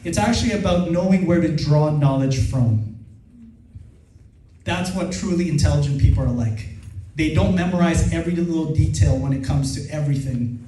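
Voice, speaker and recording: A man from the Philippines whose first language is Filipino, giving an energetic motivational seminar talk. He laughs often and leads the crowd in call-and-response. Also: a little high, normal speed. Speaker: seminar speaker and trainer. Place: large event hall with a live audience. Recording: echoey hall, voice far from the mic.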